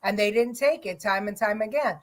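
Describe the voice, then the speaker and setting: A woman's voice: medium pitch, brisk. A woman hosting a live political talk show, speaking casually with hesitations as she sets up a clip.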